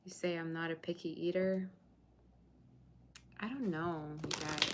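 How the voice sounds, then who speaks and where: A woman's voice: sits low, fairly even intonation, moderate pace, heavy background noise. A woman giving a live tarot reading, chatting and reassuring viewers and replying to their comments. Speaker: tarot reader. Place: borrowed room, indoors.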